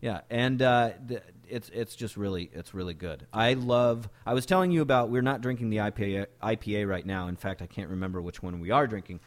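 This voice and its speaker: Casual male podcast host from the Pacific Northwest, lower voice, loose rambling delivery. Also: fairly quick, hardly any pauses. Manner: relaxed, rambling with many fillers. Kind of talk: casual chat.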